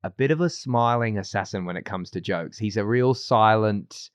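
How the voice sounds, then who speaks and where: A man's voice: on the low side, normal speed, clear, resonant tone, no room sound. A man co-hosting a podcast in casual chat, rambling through stories with restarts and laughter. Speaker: podcast co-host. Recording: slightly dull, dry sound.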